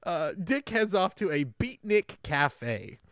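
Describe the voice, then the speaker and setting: Man, podcast co-host, casual film chat, fairly high voice, very animated pitch, dry close sound. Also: slow, no echo. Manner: lively, laughs often, recaps the plot.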